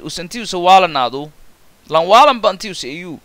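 A man with a Somali Maay accent teaching an English grammar lesson. He reads each English phrase slowly and then explains it in Somali. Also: a little high, animated, a bit bright, no echo.

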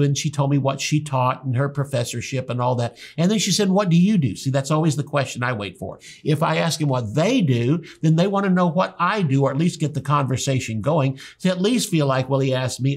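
A pastor preaching a sermon, telling stories and acting out the people in them. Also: male voice, mid-range voice. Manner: storytelling preacher, acts out quoted people. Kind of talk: sermon teaching.

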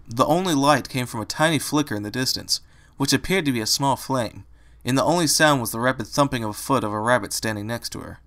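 A man reading a story aloud with an expressive narration style. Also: medium pitch. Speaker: reader.

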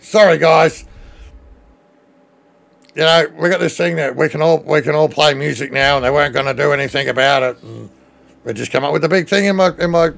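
A man's voice: fairly high pitch, gravelly. An Australian man chatting casually on a live game stream, greeting viewers by name in a chatty, flustered way and swearing freely. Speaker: truck sim live streamer. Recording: steady background noise.

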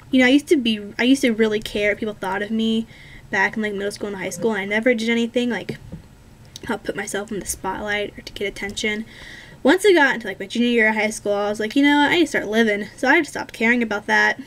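Chatty high-voiced young woman vlogger. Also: fairly bright tone. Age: 20s. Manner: chatty and rambling, many ums and self-corrections. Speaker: vlogger answering viewer questions. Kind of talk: casual chat.

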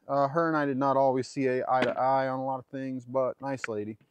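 A man's voice: medium pitch, flat delivery, fairly quick, highs cut off, background noise. A man casually talking through a hands-on butchering job, rambling and correcting himself as he goes. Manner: rambling, self-correcting, chatty asides. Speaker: homesteader demonstrating butchery. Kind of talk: casual how-to commentary while working.

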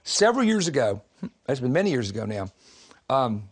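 A man from the southern United States preaching a sermon, telling stories in an animated, joking way and laughing often. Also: mid-range voice, brisk. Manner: animated, humorous storytelling with frequent laughter.

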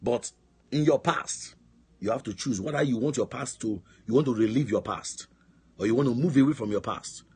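A man preaching with fervor, his voice deeply husky and raspy. He leans on phrases and throws questions back to his listeners, the way a pastor drives home a point. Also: moderate pace, a little mellow. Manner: emphatic preaching with call-and-response questions. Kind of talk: sermon on a prayer line. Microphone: phone line.

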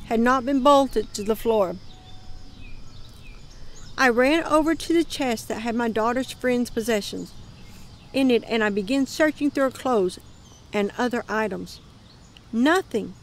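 A woman reading her dream account aloud in a calm voice that often drops to a murmur. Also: on the high side, measured pace, long pauses, a little hiss or hum. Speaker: ministry dream teller.

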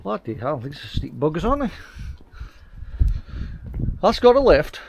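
Male vlogger, windy streets, slightly high voice, chatty, puffing a bit. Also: sing-song, normal speed, vocal fry. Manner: chatty, mild swearing. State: out of breath. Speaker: travel vlogger. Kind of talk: casual walking commentary. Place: outdoors in windy old town streets.

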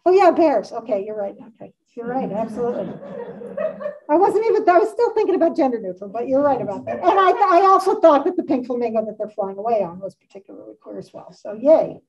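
A woman's voice: on the high side, sing-song, quick pace, crowd noise. A woman in her sixties giving a casual art history lecture, chatty and enthusiastic, with frequent asides. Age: 60s. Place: community center meeting room. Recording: distant, dull room recording.

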